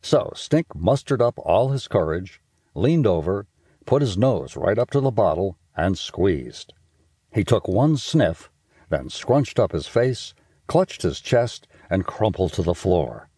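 Warm, husky male storyteller. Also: sits low, takes it slowly, no echo, clean studio sound. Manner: playful and expressive. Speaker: audiobook narrator. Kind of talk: children's audiobook narration.

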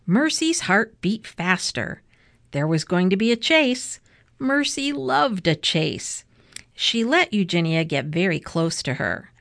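Woman slowly reading a children's book. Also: on the low side, creaky, no echo, studio quality. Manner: expressive, unhurried. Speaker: storybook reader.

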